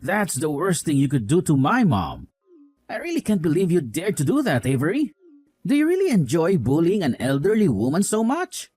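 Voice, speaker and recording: A man's voice: on the high side, big pitch swings, moderate pace, a little mellow, husky, no echo, soft background music. A man voicing a young husband who scolds his wife with contempt and sides with his mother in a voiced drama story. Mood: scolding.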